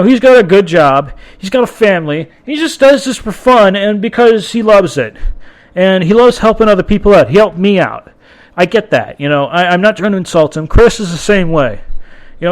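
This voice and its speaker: High-voiced man ranting on a podcast. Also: expressive, normal speed. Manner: rambling, profane, many restarts. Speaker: podcast host. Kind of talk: casual podcast monologue.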